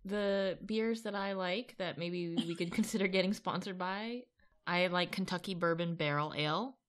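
A woman's voice: on the low side, moderate pace, a bit bright. A woman co-hosting a podcast in casual chat, laughing often as she tells stories. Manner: laughing, storytelling, profane. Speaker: podcast co-host.

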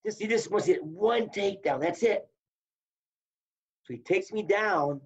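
This ex-wrestler speaks in a high, breathy voice, a little slowly, and the recording is muffled. He spins casual stories with animation, performing the quotes of the people involved.

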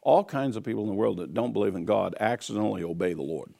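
Gravelly low-voiced man teaching scripture. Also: quick pace, dark tone. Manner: earnest, emphatic, repeats key phrases. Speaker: Bible teacher. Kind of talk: teaching sermon.

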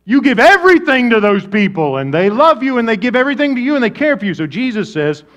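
A man preaching a sermon as pastor, conversational and animated, swinging between loud bursts and soft, low asides. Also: fast talker.

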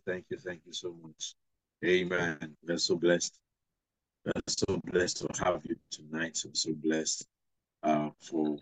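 A pastor leads prayer haltingly, with many filler sounds between phrases, and he also speaks in tongues. His voice is close and dry, with no room echo. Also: deep voice.

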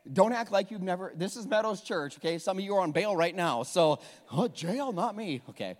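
A pastor in his forties preaching a sermon, animated and joking as he acts out the people in the story. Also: high-pitched, brisk. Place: church hall. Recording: long reverb of a church hall.

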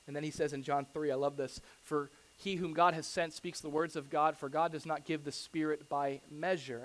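High-pitched man preaching a sermon. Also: fairly even intonation, normal speed, hardly any pauses. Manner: builds from quiet to loud and urgent, rhetorical questions; emphatic preaching, quotes scripture. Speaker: pastor.

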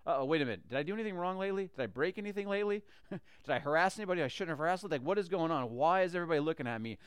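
A nervous young shepherd boy rattles off worried questions, as a man plays him. The lines come fast and hushed, in a dry close recording. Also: a little high, expressive, clear, resonant tone, no echo, lightly acted. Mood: anxious. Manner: quick anxious muttering.

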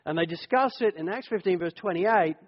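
A middle-aged man, a pastor, preaching a sermon in a conversational, animated way and telling personal stories. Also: high-pitched, a little fast. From United Kingdom. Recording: echoey hall, dull lo-fi sound.

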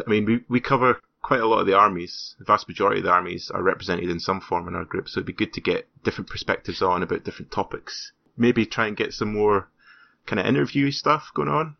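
A man's voice: fairly low pitch, vocal fry. A man co-hosting a gaming podcast in a loose, rambling way, full of fillers. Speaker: podcast co-host. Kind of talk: casual podcast chat. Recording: dry, slightly muffled sound.

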